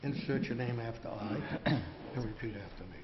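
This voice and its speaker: A man's voice: medium pitch, muffled recording, noisy background. Man reading out an oath of office. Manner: measured, formal phrasing. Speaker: city clerk administering oaths. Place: city council chamber.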